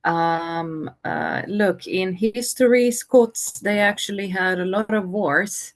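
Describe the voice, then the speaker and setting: A woman teaching an English conversation lesson, speaking slowly and patiently with many fillers. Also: medium pitch.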